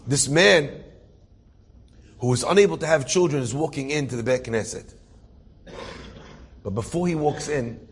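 Male preacher-storyteller, husky and gravelly, lively delivery acting out characters. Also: mid-range voice. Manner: animated storytelling, voices characters, rising to emphatic preaching. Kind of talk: inspirational story sermon.

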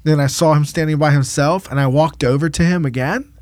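A man, a pastor, telling a faith story in casual podcast talk, acting out the quotes with lively energy. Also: a little high, brisk, no echo. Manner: animated preaching storyteller, acts out quotes.

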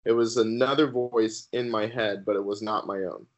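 A man guest on a podcast sharing his personal faith testimony in an earnest, halting way with many fillers. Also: on the low side, steady tone, low-quality recording.

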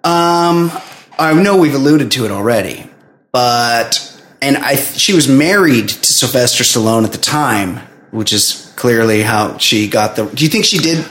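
Lively joking male podcast host. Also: mid-range voice, measured pace. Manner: animated, joking, acts out quotes, swears. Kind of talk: casual movie-review banter. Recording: echoey room.

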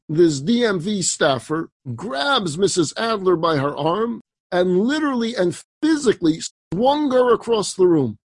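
A man's voice: fairly high pitch, slightly rough, no echo. A man, a rabbi, telling an inspirational story dramatically, with emphatic asides and rhetorical questions.

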